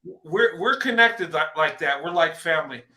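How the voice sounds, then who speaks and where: A man hosting a casual livestream chat, halting and repeating words while he encourages a friend. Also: a little high, lively intonation, pushed and bright, echoey room. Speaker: host.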